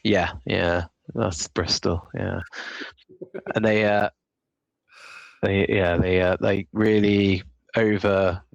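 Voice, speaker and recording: A man from Somerset with a Somerset accent, chatting casually on a podcast and pausing often with hesitant fillers. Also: low-pitched, little pitch movement, gravelly, no room sound, lo-fi sound. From Somerset, England. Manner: hesitant, lots of uhs and restarts. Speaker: podcast co-host. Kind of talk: casual chat.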